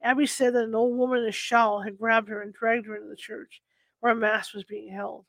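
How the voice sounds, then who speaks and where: A man reading ghost stories aloud at a steady pace, now and then stumbling and correcting himself. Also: high-pitched, brisk, gravelly, no room sound, rough recording. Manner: steady reading with occasional slips and self-corrections. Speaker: storyteller.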